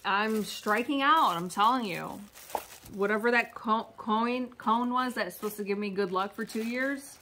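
A woman's voice: a little high, unhurried, pushed and bright, a little hiss or hum. A woman chatting casually as co-host, easily amused while sorting through a storage unit. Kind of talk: casual chat.

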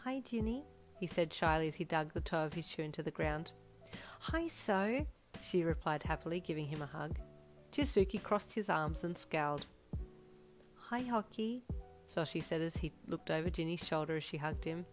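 A woman reading a second-person fanfiction story aloud in a calm, storytelling manner. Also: low-pitched, fairly quick. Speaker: fanfiction reader. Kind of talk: scripted narration. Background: soft lofi piano music.

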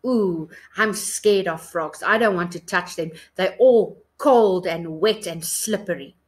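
Woman teacher talking real slow to little kids, sing-song and encouraging, doing a phonics lesson. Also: fairly low pitch. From South Africa. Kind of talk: recorded online lesson for young children.

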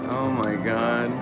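A man live-streaming slot play from a casino floor, cursing and shouting at the machine while he reads out viewer messages. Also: mid-range voice. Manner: excitable, profane, yells at the machine. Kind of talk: casual live-stream chat.

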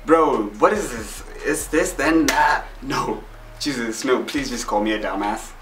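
A man's voice: mid-range voice, unhurried, background noise. A man hosting a reaction video, casual, joking and self-deprecating, who swears a lot. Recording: roomy, distant mic with music.

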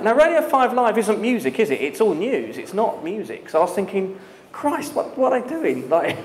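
A man telling a lively story to an audience at a live talk, laughing often and using many fillers. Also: fairly high pitch, slight background noise. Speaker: guest speaker. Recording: echoey hall with long reverb.

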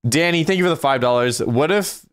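A man's voice: on the high side, brisk, smooth, dry recording. A man hosting a casual gaming livestream, chatting playfully and reading out donations. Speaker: livestream host.

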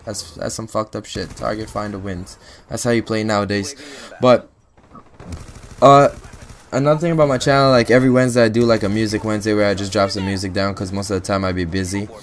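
A man's voice: fairly low pitch, steady tone, brisk. A young man giving casual gameplay commentary for his channel, boastful and full of profane trash talk. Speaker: gaming channel host.

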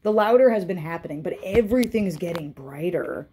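A woman's voice: fairly low pitch, animated, brisk, warm tone, a little hiss or hum. Woman, casual podcast chat, bubbly, laughs a lot, playful, jokey voices. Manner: bubbly, laughs often, mock valley-girl voice for jokes. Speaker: podcast co-host.

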